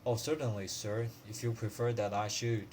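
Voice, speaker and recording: A man's voice: lowish voice, steady tone, moderate pace, a little mellow, a little hiss or hum, lightly acted. A man reading aloud as a polite, deferential older male law clerk, in a bland manner.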